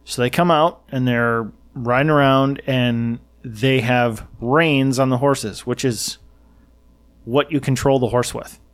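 A man's voice: medium pitch, steady tone, slow, clear, resonant tone. Rambling, sarcastic man chatting. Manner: rambling, sarcastic, acts out quotes. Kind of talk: casual political chat.

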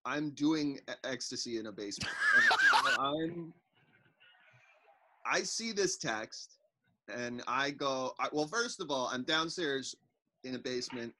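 Male podcast co-host, bright middle voice, rambling, self-mocking storyteller. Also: medium pitch, lively intonation, a little slow, slight background noise. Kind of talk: casual chat.

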